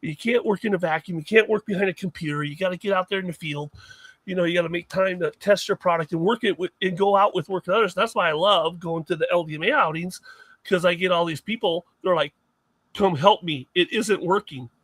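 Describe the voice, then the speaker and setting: Bright high-pitched man rambling through stories. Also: fast talker, no echo. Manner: rambling, self-mocking storyteller with many restarts. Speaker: guest, mining equipment maker. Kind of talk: casual podcast chat.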